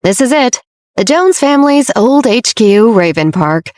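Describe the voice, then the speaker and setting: A woman's voice: on the high side, sing-song, unhurried, a little mellow, no echo, pitched above the performer's own voice. A woman narrator voicing a confident, teasing young man, the wealthy heir in a romance audiobook, read in a dry, close recording. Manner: playful, teasing.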